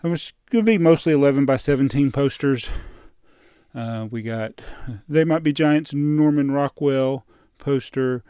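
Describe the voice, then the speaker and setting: A man rambles through a casual home vlog and chuckles self-consciously between thoughts. His voice sits at an ordinary middle pitch. The sound is dry and close, with no room ring. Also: unhurried, mellow, clear, resonant tone, dry recording. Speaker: toy collecting vlogger. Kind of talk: casual chat. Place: room at home with posters on the walls.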